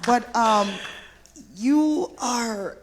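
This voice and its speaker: A woman's voice: on the high side, drawn-out words. A woman hosting a church event, making casual, enthusiastic announcements. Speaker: event host. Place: church sanctuary, live stream.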